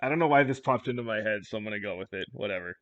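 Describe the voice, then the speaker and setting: A relaxed man running a tabletop game, calling for dice checks and narrating at an easy pace. He thinks aloud as he goes, in a plain everyday voice. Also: fairly low pitch, very fast, muffled recording. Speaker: game master.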